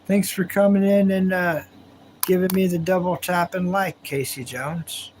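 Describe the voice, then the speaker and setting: A high-voiced man hosts a livestream from home, speaking at a measured pace in a steady, slightly mellow tone over a rough recording with a little hiss or hum. He chats casually with live viewers in a laid-back drawl, laughing often.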